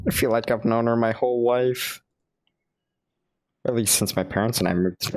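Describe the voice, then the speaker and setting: A man reading a visual novel's narration aloud in a steady storytelling way. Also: mid-range voice, moderate pace, poor audio. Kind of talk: reading game text aloud with friends.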